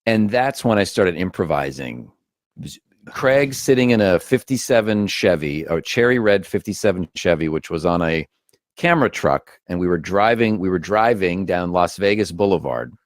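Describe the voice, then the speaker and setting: A man's voice: low-pitched, expressive, moderate pace, dry recording, studio quality. A man, an actor and comedian, telling stories as a guest in a casual interview, acting out quotes with shifting voices.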